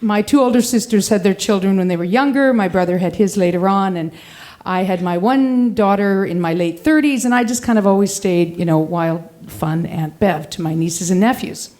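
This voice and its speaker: Performing at a live storytelling event, a woman in her fifties recounts something from her own life at a moderate pace with a medium-pitched voice. She's animated and laughs while acting out the people she describes.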